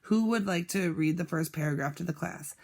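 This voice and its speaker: Stern female teacher, polite, measured, gravelly texture, read by a classroom reader. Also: medium pitch. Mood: instructing.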